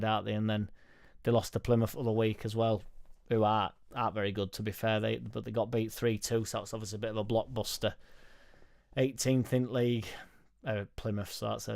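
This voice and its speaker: A man hosting a football fan live stream, chatting casually and reading viewer comments aloud in a rambling, sweary, jokey way into a studio microphone on a boom arm. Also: gravelly, mellow. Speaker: football fan channel host.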